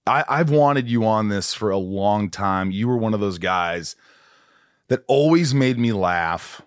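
A middle-aged man hosting a casual interview podcast, rambling and self-mocking with quick jokes. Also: lowish voice, animated, no echo, clean studio sound. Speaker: podcast host.

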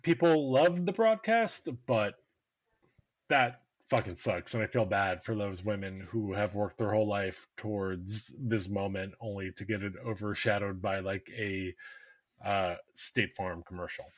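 A man's voice: fairly low pitch, a little slow, no room sound. A man hosting a basketball podcast, chatting in a laid-back way, laughing often and swearing casually. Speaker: podcast host. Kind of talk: casual chat.

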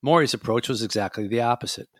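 A man reading a memoir aloud in a measured, reflective way. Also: mid-range voice, dry recording, studio quality. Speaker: audiobook reader and podcast host.

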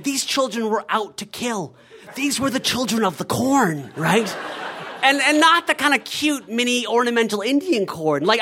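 Middle-aged male storyteller, comic and animated, swooping pitch, does the characters' voices himself. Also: slight background noise. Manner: animated, acts out quoted voices, frequent "right?".

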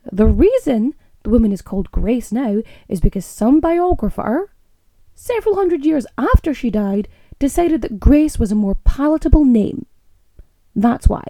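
A woman's voice: fairly high pitch, mellow, dry recording. A young Irish woman podcaster ranting with fiery, sarcastic indignation. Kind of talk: impassioned ranting monologue.

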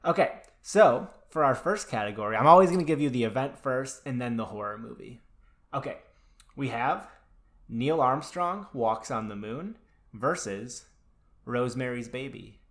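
Here a male podcast co-host chats about horror films with easygoing enthusiasm, repeatedly restarting what he's saying. The voice is medium-pitched, expressive and a little bright, at a moderate pace.

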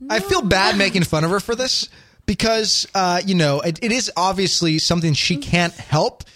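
A man's voice: high-pitched, expressive, normal speed, fairly bright tone, a little hiss or hum. Rambling male podcast host. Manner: rambling, reads chat comments aloud. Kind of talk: casual chat.

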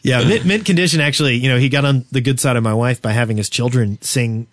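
A man's voice: mid-range voice, fast talker, no room sound. A man hosting a casual gaming podcast, telling stories in a rambling way with many restarts. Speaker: podcast host. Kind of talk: casual chat.

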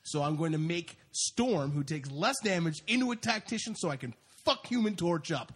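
A man's voice: fairly high pitch, animated, normal speed, slightly rough. A man on a podcast, eagerly rambling in casual chat with friends. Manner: eager, rambling gamer talk. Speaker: podcast co-host.

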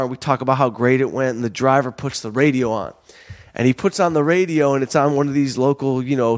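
A man hosting a podcast, telling a rambling, self-mocking story in casual talk and acting out what people said. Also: mid-range voice. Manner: rambling, animated, self-mocking, acts out quotes.

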